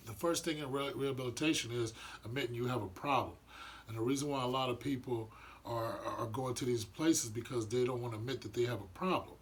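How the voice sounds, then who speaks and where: A man's voice: mid-range voice, fast talker, husky. A man giving an earnest, rambling monologue about spiritual matters, often restarting his sentences. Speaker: vlogger sharing spiritual views. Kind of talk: casual reflective monologue.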